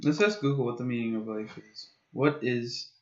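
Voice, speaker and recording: A young man co-hosting a podcast, telling stories with laughter and loud quoted voices. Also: mid-range voice, normal speed. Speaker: podcast co-host. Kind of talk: casual chat. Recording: roomy, dull lo-fi home recording.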